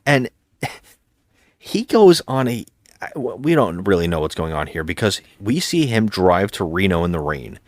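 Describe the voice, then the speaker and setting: A deep-voiced podcast co-host speaks in a sing-song way at a moderate pace, casually retelling a film's plot with hesitant, rambling asides during a movie-review chat. The recording is studio quality with no echo.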